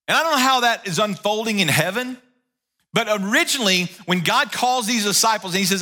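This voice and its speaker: Male pastor, sermon, lively pitch, bright storytelling delivery. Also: a little fast. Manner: animated storytelling.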